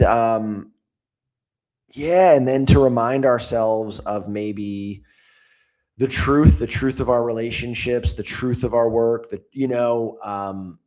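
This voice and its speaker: A man's voice: medium pitch, a little mellow. A man answering as an interview guest, reflective and searching for words as he speaks. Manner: thoughtful, searching, with restarts.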